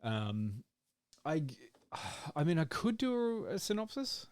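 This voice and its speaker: A man's voice: on the high side, very animated, slow pace, a little mellow, no room sound. A man co-hosting a podcast in casual chat, rambling and acting out his own reactions. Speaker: podcast co-host.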